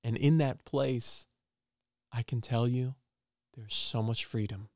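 A man's voice: medium pitch, steady tone, takes it slowly, darkish tone, dry recording, studio quality. A man giving an earnest personal testimony and preaching, repeating phrases for emphasis.

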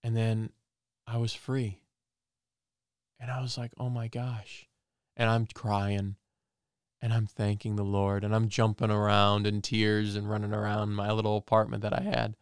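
A man's voice: fairly low pitch, monotone, moderate pace, smooth, dry recording, studio quality. A man giving an earnest personal testimony and preaching, repeating phrases for emphasis.

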